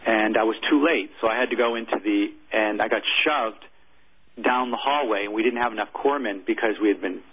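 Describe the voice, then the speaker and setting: Husky-voiced man on a tinny line. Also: fairly low pitch. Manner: earnest, halting, emotional recounting. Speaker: military chaplain. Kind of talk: personal storytelling in an interview. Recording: tinny phone-like audio.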